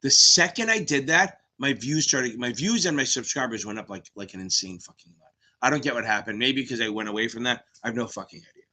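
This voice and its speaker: A man in his fifties hosting a live exam Q&A stream, talking fast, cursing and rambling. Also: mid-range voice, lively intonation, sharp tone. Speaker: exam tutor, stream host.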